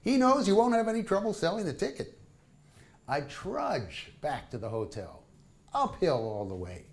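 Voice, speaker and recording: A man's voice: high-pitched, sing-song, normal speed. A man reading his own travel stories aloud to a live audience, wry and full of comic asides. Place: small live performance venue.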